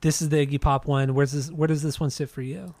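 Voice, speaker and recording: A man's voice: fairly high pitch, fairly even intonation, quick pace, darkish tone, no echo. Rambling young man on a podcast. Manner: rambling, many restarts, casual swearing. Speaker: podcast co-host. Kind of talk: casual music review chat.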